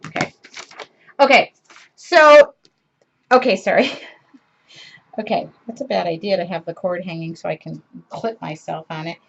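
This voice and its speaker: A woman's voice: fairly low pitch, normal speed, gravelly, pauses often. A woman hosting a live art session from her studio, chatting casually and rambling with self-mocking jokes. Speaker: art livestream host. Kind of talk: casual chat while painting. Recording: dull lo-fi livestream audio.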